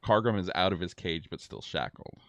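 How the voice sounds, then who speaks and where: Low-voiced laid-back game master. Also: male voice, very animated, brisk, creaky, a bit bright, no echo. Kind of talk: running a tabletop game over a call.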